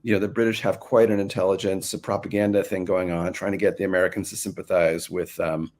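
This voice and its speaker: A man's voice: sits low, flat delivery, fast, a little mellow. A man answering interview questions in a casual, rambling way, full of fillers and restarts. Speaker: guest author.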